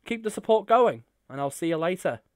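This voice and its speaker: Casting: vlogger, mid pitch, effusive and thankful, dry close sound. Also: lively intonation, a little fast, a little mellow, no echo. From United Kingdom. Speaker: YouTuber opening fan mail. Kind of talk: casual vlog talk to camera.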